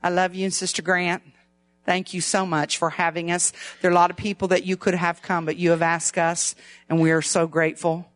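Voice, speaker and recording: An older woman, preaching an evening church sermon as a visiting preacher in a lively, folksy way that climbs in pitch when she presses a point. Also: a little fast, no echo.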